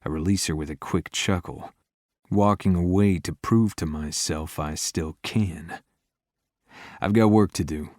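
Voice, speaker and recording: Male romance audiobook narrator, very low voice, intimate first-person read, dry booth. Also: a little slow, a little mellow, dry recording.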